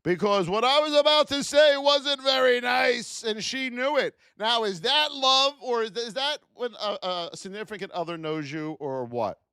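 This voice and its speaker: A man runs a live trading stream in a high, animated voice with a clean tone, moving at a moderate pace with few pauses as his pitch swings freely. Blunt and talkative, he swaps stories and speaks right to his viewers. The recording is close and dry, with no room sound.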